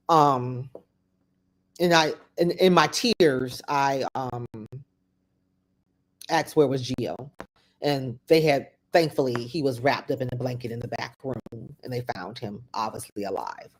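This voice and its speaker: A middle-aged woman tells a personal story on her own podcast. She talks haltingly, stumbling and restarting often. She drops into the quoted words of the people she describes. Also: extremely low pitch. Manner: halting, with many restarts and fillers; acts out other people's words in quoted asides. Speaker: podcast host.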